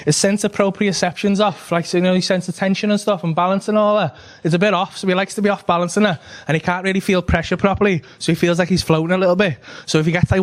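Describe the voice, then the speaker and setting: A man doing a stand-up comedy set, telling a rambling, sweary story full of fillers. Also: sits high. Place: comedy club stage. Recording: noisy live club recording. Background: audience laughter.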